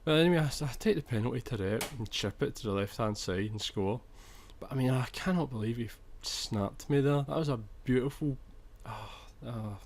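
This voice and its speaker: A man's voice: medium pitch, fast talker, few pauses, a little hiss or hum. A young man commentating over his own football video game footage, chatty, restarting sentences and swearing when annoyed. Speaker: gaming commentator.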